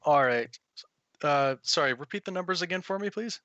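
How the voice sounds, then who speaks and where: A man's voice: fairly high pitch, animated, normal speed, sharp tone, no echo, dull audio. A man narrating as the game master of a tabletop game, easygoing and often laughing.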